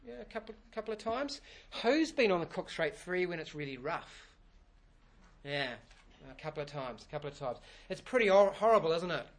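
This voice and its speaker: A man's voice: fairly high pitch, animated, fairly quick. A man preaching a sermon in a church, earnest and repeating key phrases for emphasis. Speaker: pastor.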